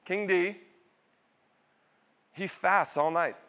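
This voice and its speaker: A middle-aged man preaching a sermon, asking the congregation questions and answering them, with dramatic swings between loud bursts and quiet, low asides. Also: extremely slow. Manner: call-and-response questions, dramatic swings in pitch and loudness. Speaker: pastor.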